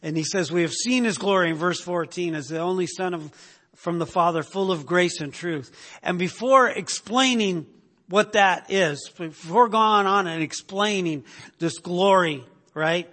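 A man preaching from the pulpit of a church sanctuary, with a voice pitched a little above the usual for a man. His delivery is loose and conversational, full of restarts and "right?" tags. A long hall reverb trails each phrase. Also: unhurried, pushed and bright. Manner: casual storytelling, many restarts and "right?" asides. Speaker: pastor. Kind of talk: sermon with personal story.

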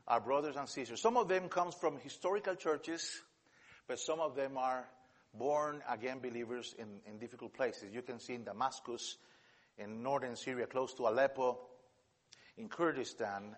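A man from America speaks English at a middle pitch. He gives a slide presentation as a missionary speaker and stumbles over repeated words while he tells his stories. His voice rings out with a long reverb in a large hall. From Latin America.

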